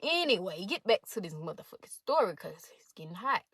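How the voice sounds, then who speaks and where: There's a bit of hiss or hum behind this mid-range female voice, which runs slightly fast. A young woman in college, she's a storytime vlogger giving a blunt, profane, animated retelling that includes reading others' text messages aloud.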